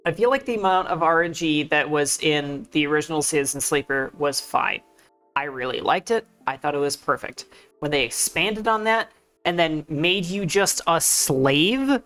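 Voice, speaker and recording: A woman streaming games, chatting casually and excitedly with her viewers, rambling and restarting her sentences. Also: low voice. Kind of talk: casual gaming stream chat.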